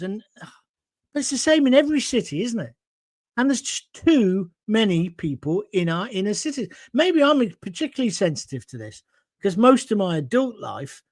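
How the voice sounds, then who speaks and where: High-voiced, blunt English man. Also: no room sound, studio quality. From Coventry, England. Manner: blunt, rambling, conversational. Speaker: online show host. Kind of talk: opinionated monologue reading viewer comments.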